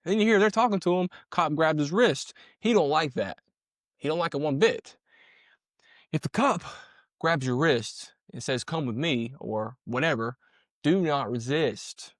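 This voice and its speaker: A man with a fairly high voice talks a little slowly, recorded clean in a studio with no room sound. He's a commentator breaking down police footage in casual, slangy, conversational fashion, repeating himself and punching in sound-effect words.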